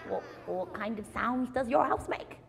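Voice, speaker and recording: Wise calm town lady, told by a woman, matter of fact, lively voice, echoey hall. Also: fairly high pitch, normal speed, vocal fry. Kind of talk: children's storytelling.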